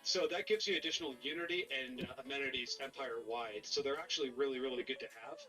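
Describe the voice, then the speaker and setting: A man's voice: mid-range voice, fast talker, bright, forceful tone, soft background music, poor audio. A man chatting casually over voice chat while playing a strategy game, explaining its mechanics in a laid-back way. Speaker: experienced player explaining the game.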